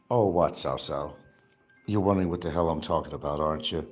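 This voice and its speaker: Deep-voiced man rambling on a livestream. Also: brisk, faint music behind. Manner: wry, sing-song, talks to his dogs. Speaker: livestream vlogger. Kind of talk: casual rambling livestream talk.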